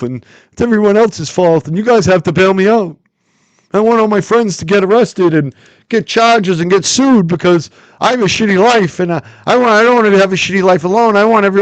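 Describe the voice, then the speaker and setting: A man mimicking a high whiny crybaby man. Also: dry recording, lightly acted. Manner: whining, mocking high falsetto. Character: whiny self-pitying grown man crybaby.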